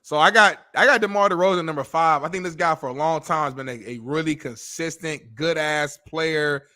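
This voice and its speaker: A man's voice: a little high, a little fast, bright, forceful tone, no echo, clean studio sound. A man co-hosting a sports talk show, arguing emphatically and swearing as he makes his case. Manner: emphatic, swears, argues point by point. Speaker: co-host.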